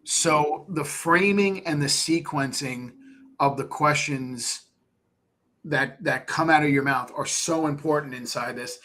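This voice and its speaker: A man's voice: a little high, measured pace, pushed and bright. A man being interviewed on a live stream, coaching investors in a blunt, plain-spoken way and acting out talks with sellers. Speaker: real estate investor guest.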